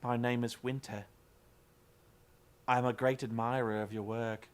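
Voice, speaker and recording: A man voicing a ghostly woman wrestler who speaks in a flat, robotic monotone with no inflection. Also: mid-range voice, unhurried, smooth, voice pushed down, natural voice. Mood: eerie monotone.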